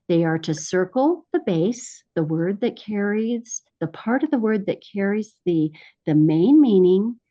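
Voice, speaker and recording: A woman leads a teacher-training webinar with a mellow, warm tone. She sounds enthusiastic and keeps checking in with the audience. The audio is a bit dull and lo-fi. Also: mid-range voice. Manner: enthusiastic, checks in with frequent "right?". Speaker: literacy educator presenting a webinar. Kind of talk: teacher-style presentation.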